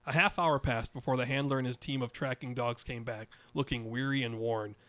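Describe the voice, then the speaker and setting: A man's voice: medium pitch, steady tone, a little fast, a bit bright. An older man in his eighties reading his own memoir story aloud, wry, chuckling now and then. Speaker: podcast storyteller.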